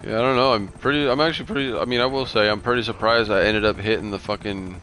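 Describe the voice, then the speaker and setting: A man's voice: on the low side, fairly even intonation, quick pace, bright, forceful tone, slight background noise. A man hosting a gaming stream, chatting casually with many restarts and casual swearing. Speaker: gaming channel host.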